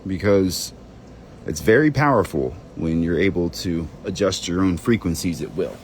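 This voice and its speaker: Distracted man muttering with lively pitch. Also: normal speed, slight background noise. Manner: distracted, muttering and cursing while searching documents. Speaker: channel host. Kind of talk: rambling screen-share monologue.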